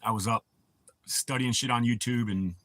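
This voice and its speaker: A man's voice: medium pitch, fairly even intonation, moderate pace, a bit bright. A man, hosting a casual livestream and rambling crudely with a lot of swearing. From United States. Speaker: livestream host.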